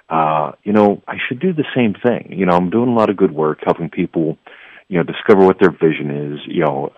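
Guest: very deep-voiced man, rambling storyteller with stammered restarts, heard over a tinny dry phone line. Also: no room sound. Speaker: guest, life coach. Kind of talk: radio interview.

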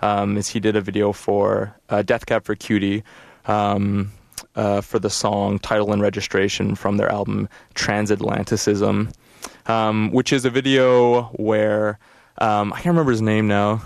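A man's voice: lowish voice, little pitch movement, unhurried, creaky, no room sound. A man co-hosting a college radio music show, chatting casually in a rambling, hesitant way with many fillers.

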